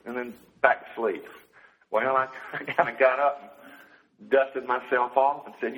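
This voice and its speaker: A man with a bright, forward voice shares a personal testimony. He speaks earnestly and often softly, with a heartfelt tone. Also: mid-range voice, steady tone, normal speed, low-quality recording. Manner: earnest, heartfelt, soft-spoken. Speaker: guest sharing a personal testimony.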